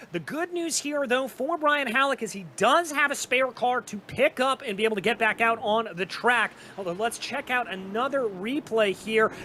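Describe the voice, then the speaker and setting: A man with a slight Southern US accent giving fast, energetic play-by-play commentary on a sim race. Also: very high voice, slight background noise.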